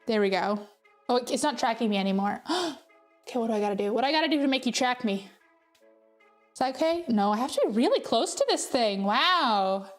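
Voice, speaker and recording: A woman's voice: on the high side, expressive, brisk, soft background music. A woman streaming live, chatting casually with her viewers and reading their messages aloud. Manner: chatty, laughing, reads chat aloud. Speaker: virtual streamer.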